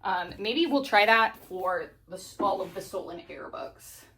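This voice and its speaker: A woman's voice: mid-range voice, animated, measured pace, creaky, fairly bright tone, slight background noise. A woman in her thirties chatting casually to camera at home while rearranging bookshelves, giggly and out of breath, with lots of fillers. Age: 30s. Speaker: book vlogger.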